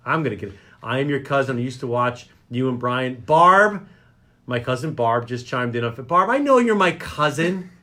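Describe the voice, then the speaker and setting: A man's voice: medium pitch, animated, moderate pace, pushed and bright. A man hosting a local radio talk show, joking and rambling. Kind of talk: casual chat show banter.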